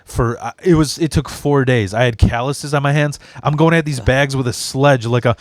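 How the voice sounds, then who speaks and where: Profane, rambling podcast host from Chicago. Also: male voice, mid-range voice, normal speed, no echo, clean studio sound. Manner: profane, rambling, frequent restarts. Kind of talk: casual storytelling chat.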